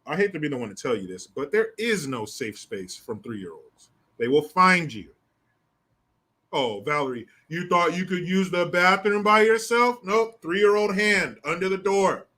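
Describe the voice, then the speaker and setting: An older man hosting a solo commentary stream, talking in a profane, mocking and animated way. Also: sits high, a little slow. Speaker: political commentary host.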